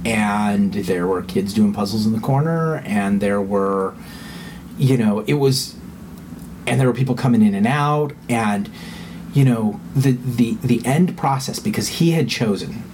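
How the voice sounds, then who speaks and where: A man's voice: on the low side, lively intonation, unhurried, darkish tone, a little hiss or hum. A middle-aged man telling a personal story in frank, casual conversation, swearing freely and livening up when he quotes people.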